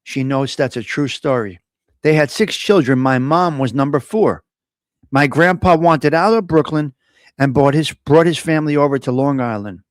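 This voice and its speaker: A man's voice: on the high side, normal speed, no room sound, clean studio sound. A man hosting a casual live stream, chatting with viewers, teasing them and reading their comments aloud. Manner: chatty, laughs often, teasing, ad-libs.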